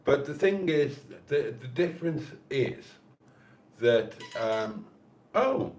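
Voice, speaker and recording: A man's voice: mid-range voice, lively intonation, takes it slowly, a little mellow. Chatty man hosting a live stream. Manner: chatty, reads out messages. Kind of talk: casual live stream chat. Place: home in Spain. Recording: roomy with faint noise.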